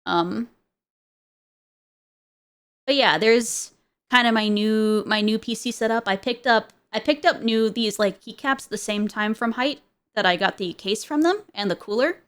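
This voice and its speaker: A woman's voice: fairly high pitch, a little slow, a bit bright, smooth. A woman streamer in casual chat, rambling with many fillers and frequent giggles.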